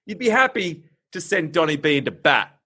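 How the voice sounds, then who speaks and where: Aussie guy rambling thru a story on a podcast, laughs a lot, slightly higher voice. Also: sing-song, normal speed, bright, forceful tone, breathy edge. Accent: Australian. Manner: chatty, laughs often, fillers. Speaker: podcast host. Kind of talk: casual storytelling chat.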